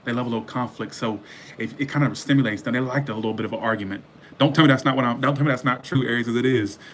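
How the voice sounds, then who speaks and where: A man's voice: mid-range voice, rapid-fire, fairly bright tone, slight background noise. A man reading tarot on a live stream, chatting casually in a rambling, profane way, a bit wired from coffee. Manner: rambling, profane, laughs often.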